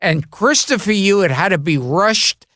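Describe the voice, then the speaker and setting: A man guest in a casual podcast chat, telling crude stories with a deadpan delivery. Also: high voice, moderate pace, no echo, studio quality.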